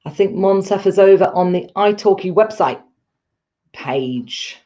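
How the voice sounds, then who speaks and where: A woman's voice: mid-range voice, animated, a little slow, dark tone, highs cut off. A woman teaching a live online English lesson, patient and encouraging as she explains step by step.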